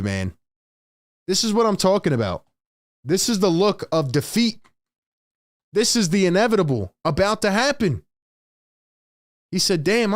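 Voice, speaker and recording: A man's voice: sits high, no room sound. A man hosting a live-stream sports commentary, ranting in exasperation to his chat. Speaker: sports talk host.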